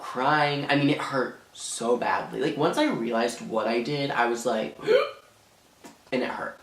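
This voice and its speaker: A teenage boy vlogger tells a dramatic storytime in a rambling, filler-heavy way. His male voice is medium-pitched and a little slow, recorded in an echoey room with a noisy background.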